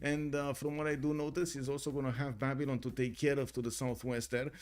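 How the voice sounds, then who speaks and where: A man casting a strategy game tournament on a live stream, excitable and chatty, talking to his chat. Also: mid-range voice, a little fast. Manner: excitable, chatty, many fillers and restarts. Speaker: tournament caster.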